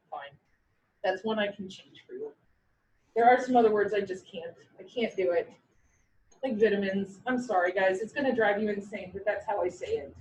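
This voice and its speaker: A woman's voice: mid-range voice, normal speed, dull audio, a little hiss or hum. Chatty Canadian woman teacher. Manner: chatty, joking, encouraging. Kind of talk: online class lecture.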